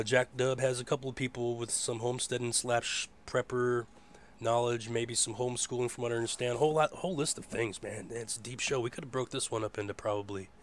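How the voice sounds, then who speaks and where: A man hosting a casual live internet radio show. His voice is hoarse, and he rambles in a laid-back way and swears freely. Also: mid-range voice. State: hoarse from a rough voice. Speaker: host.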